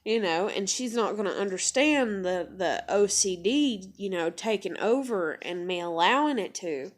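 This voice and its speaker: In an expressive, medium-pitched voice at normal speed, a young woman rambles through a personal story for her vlog. The confessional monologue is frank, profane, and thick with fillers.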